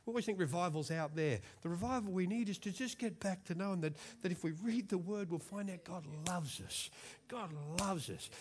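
A man in his fifties with an Australian accent preaching a sermon in a church, lively and joking, often repeating words for emphasis. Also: sits high. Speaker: pastor.

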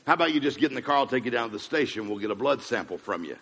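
A man's voice: mid-range voice, expressive, rapid-fire, fairly bright tone, breathy edge, pitched below the performer's own voice. A man voicing a male police officer at a traffic stop, speaking in a matter-of-fact way. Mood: stern. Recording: long hall reverb.

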